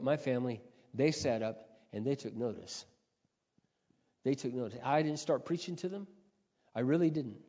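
A man giving an earnest testimony sermon, telling his story and then urging his listeners loudly. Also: mid-range voice. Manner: earnest storytelling that rises to loud exhortation. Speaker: preacher. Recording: long hall reverb, dull lo-fi sound.

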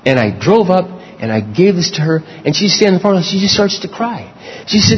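Man, pastor, sermon, earnest storytelling, slightly high voice, long hall reverb. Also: fast talker, dull audio. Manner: storytelling, earnest, lively swings in pitch.

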